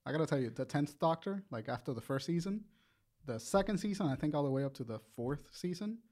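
A man's voice: fairly high pitch, lively intonation, fast talker, darkish tone. A man who learned English as a second language, co-hosting a casual podcast chat and swearing freely. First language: Spanish. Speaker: podcast co-host.

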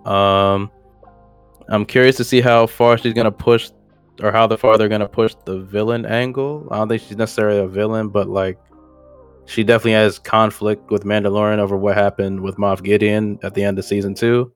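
A man's voice: fairly low pitch, flat delivery, brisk, clear, resonant tone, soft background music. A man co-hosting a podcast, chatting casually in slang, rambling and correcting himself as he goes. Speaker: podcast co-host. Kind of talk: casual chat.

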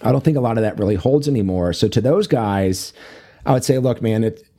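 A man's voice: mid-range voice, expressive, brisk, mellow. A man being interviewed as a fatherhood coach, talking in an easygoing way with many fillers and restarts. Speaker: guest, fatherhood coach and author. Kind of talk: casual interview talk.

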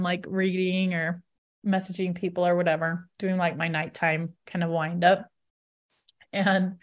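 A woman in her thirties talks straight to her viewers in an open, confiding way. She keeps laughing between sentences and strings her thoughts together with many a "like". Her pitch sits right in the middle for a woman. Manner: chatty, laughs often, many likes. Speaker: vlogger. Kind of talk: candid storytelling to viewers.

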